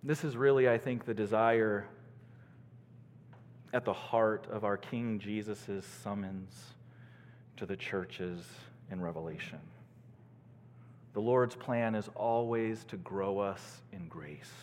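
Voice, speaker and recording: A male pastor preaching a sermon in a church, earnestly, swinging between soaring emphasis and hushed lows. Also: slow, pauses often, in a large hall, a little hiss or hum.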